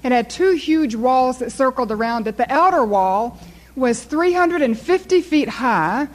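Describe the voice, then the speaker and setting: High-voiced woman preaching a sermon. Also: expressive, a little slow, low-quality recording. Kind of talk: sermon with storytelling.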